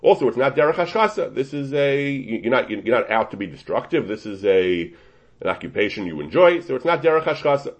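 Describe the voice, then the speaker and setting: A man's voice: medium pitch, sing-song, a little fast. A man teaching a Talmudic-style lecture, walking through a source step by step and often restarting his sentences. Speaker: Torah teacher. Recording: dull lo-fi recording.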